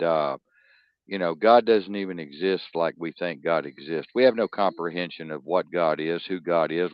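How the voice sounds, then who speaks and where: A man's voice: sits low, smooth, no room sound. A man hosting a talk show, ranting bluntly and profanely in a rambling, emphatic way. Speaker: podcast host. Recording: dull lo-fi dry sound.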